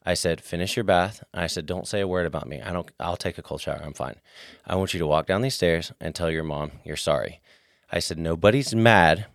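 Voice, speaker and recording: A man's voice: sits low, brisk, vocal fry, dry recording, clean studio sound. A man telling a family story in a casual faith-based talk, acting out the quotes as he goes.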